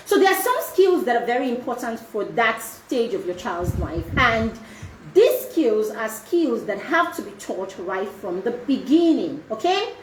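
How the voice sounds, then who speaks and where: High-voiced woman mentoring parents. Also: roomy sound, slight background noise. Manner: repetitive, checking in with frequent tag questions. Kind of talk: live-streamed parenting talk.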